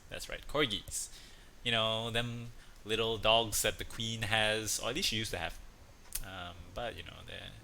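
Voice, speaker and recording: Bright-voiced man rambling through a casual lesson. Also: fairly low pitch, slight background noise. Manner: chatty, rambling, punny asides. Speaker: online class teacher.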